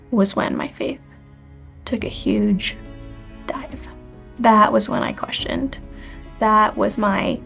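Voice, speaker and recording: A woman's voice: medium pitch, creaky. A woman in her forties sharing a personal testimony, candid and emotional, often dropping to a near-whisper. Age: 40s.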